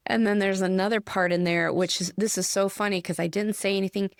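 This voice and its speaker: A middle-aged woman with a medium-pitched voice co-hosts a spiritual podcast, chatting casually and telling stories while laughing easily. The studio sound is clean, with no room echo.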